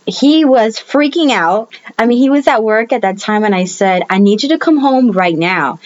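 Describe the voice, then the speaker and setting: A woman's voice: fairly high pitch, animated, moderate pace, a little mellow, no echo. A young woman co-hosting a casual chat, telling her birth story frankly and acting out what people said. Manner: frank storyteller, acts out quotes, laughs at herself. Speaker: podcast co-host. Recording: dull lo-fi sound.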